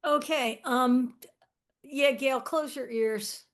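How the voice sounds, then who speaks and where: A woman's voice: high-pitched, slow. A woman talking enthusiastically in a casual fan chat, praising what she loved. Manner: enthusiastic, warm-hearted praise. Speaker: panelist.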